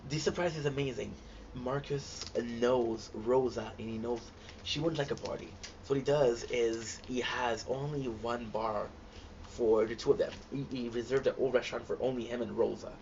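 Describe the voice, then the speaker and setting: An excitable man gushing through a casual episode recap, tripping over restarts and fillers. His voice is muffled and lo-fi, with steady noise hissing behind it. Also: medium pitch, moderate pace. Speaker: host reacting to a TV series. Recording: dull lo-fi sound with clear background noise.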